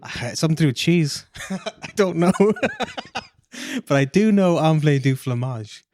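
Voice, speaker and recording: A man's voice: high-pitched, a little slow, a little mellow, dry recording. Rambling guy, dry close sound. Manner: rambling, self-mocking storyteller. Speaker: podcast co-host. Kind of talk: casual podcast banter.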